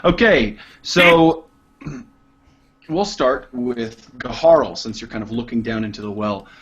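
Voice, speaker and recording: A man narrating as game master of a tabletop game, in an unhurried, hesitant way with many fillers. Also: mid-range voice, fairly bright tone, breathy edge, highs cut off.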